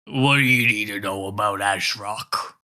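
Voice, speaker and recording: A gruff, crude bugbear grunt, as a man puts him on for a tabletop game, talking low and slow with a hard, sharp edge. He stays blunt and dismissive, dropping swears and looking down on others. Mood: scornful. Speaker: game master.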